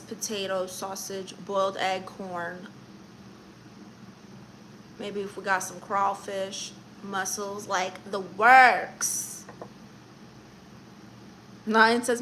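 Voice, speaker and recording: A woman's voice: medium pitch, a bit bright, a little hiss or hum. A woman from Florida hosting a casual live stream, chatting playfully and reading viewer comments aloud. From Orlando, Florida.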